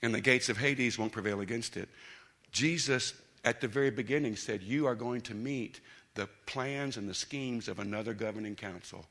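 A man preaching with a gravelly, rough edge and a bright, forceful tone. He is emphatic, sinking into low, hushed intensity and then climbing into loud, pointed bursts. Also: normal speed. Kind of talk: sermon.

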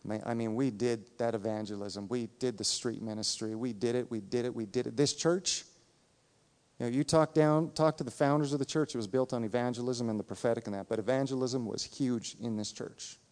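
A man's voice: medium pitch, steady tone, brisk, a little mellow. A man preaching a sermon as a pastor, earnest and emphatic, repeating his points for weight. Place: church sanctuary. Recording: reverberant church hall.

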